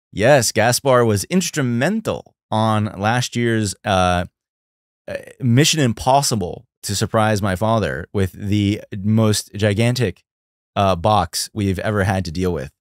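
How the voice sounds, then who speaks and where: A young man hosting a casual livestream, chatty and animated, talking to his viewers. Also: fairly low pitch, no room sound, clean studio sound. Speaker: livestream host.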